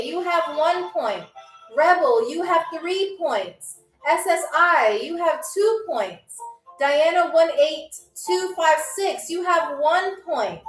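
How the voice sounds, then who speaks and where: A woman's voice: extremely high pitch, fairly bright tone. A woman hosting a live-streamed game show, playful and teasing as she talks straight to her chat. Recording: echoey room with faint music.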